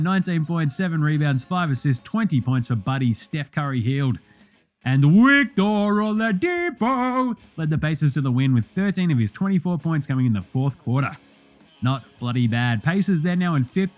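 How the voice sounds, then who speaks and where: A young Australian man hosting a sports podcast, rattling through results in a profane, excitable, joking way. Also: medium pitch. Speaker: podcast host.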